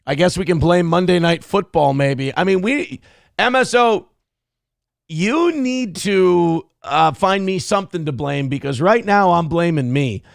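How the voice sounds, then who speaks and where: A man's voice: sits high, animated, unhurried, gravelly, dry recording, studio quality. A man in his thirties from Minnesota hosting a live show, ranting with plenty of profanity. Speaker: show host. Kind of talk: casual live-stream commentary.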